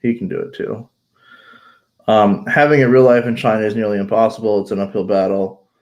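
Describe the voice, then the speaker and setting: This US vlogger talks casually and bluntly, wandering off with frequent fillers and restarts while sounding stuffed up from allergies. He speaks briskly in a fairly low, steady-toned voice that is a little mellow.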